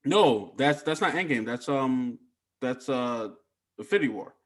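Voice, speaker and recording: A man co-hosting a podcast in relaxed casual chat, often trailing off and searching for his words. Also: medium pitch, unhurried. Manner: relaxed, loses his train of thought, trails off softly. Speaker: podcast co-host.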